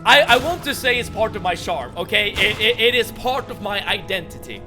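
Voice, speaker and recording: High, lively Swedish-accented man streaming. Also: moderate pace. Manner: stumbling, repeats words as he starts, chatty. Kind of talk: casual gameplay chat. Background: game music.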